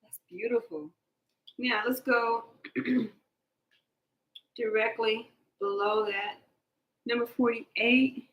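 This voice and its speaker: A woman giving a casual tarot reading, animated and joking, laughing often as she talks. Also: on the high side, slow pace, long pauses, reverberant, lo-fi sound. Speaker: tarot card reader.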